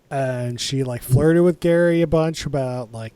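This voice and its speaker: A man's voice: on the high side, animated, moderate pace, few pauses, a little mellow, smooth, no echo. A man hosting a casual podcast chat, recapping an episode with lots of fillers and laughs. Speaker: podcast host.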